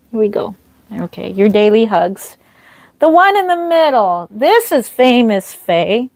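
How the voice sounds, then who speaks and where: Fairly high and a little mellow, the woman's voice has lively intonation and normal speed, captured on a dry recording. She hosts a livestream from a home nursery as a reborn doll artist, mic worn, chatting and thanking viewers by name, with lots of fillers and a slightly dry throat.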